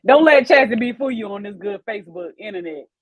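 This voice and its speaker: Lively animated woman co-host. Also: mid-range voice, quick pace, phone-quality sound. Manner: animated, laughs often. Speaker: podcast co-host. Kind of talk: casual chat.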